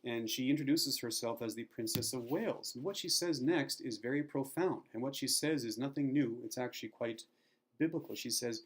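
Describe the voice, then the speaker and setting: A man's voice: medium pitch, fairly quick. A middle-aged man giving casual spoken Bible teaching, chatty and rambling, acting out quotes as he retells a scene. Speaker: Christian video teacher.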